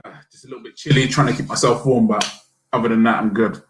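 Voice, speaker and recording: A man joins a podcast call and talks casually, hesitant and flat. An echoey room and faint noise surround his voice. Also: mid-range voice, quick pace. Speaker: podcast guest. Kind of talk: casual chat.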